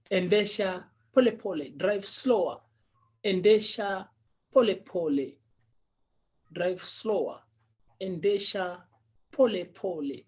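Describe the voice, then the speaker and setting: A man's voice: sits high, slow, long pauses, a little mellow. A man teaching Swahili, patiently drilling each word many times and chuckling often. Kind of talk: language lesson drilling.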